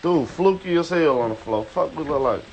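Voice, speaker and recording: A young man with a Chicago accent ranting on a phone live stream, boastful and loud, swearing and breaking into shouted chants. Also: on the high side, expressive, normal speed, dull audio, slight background noise. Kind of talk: casual live-stream rant.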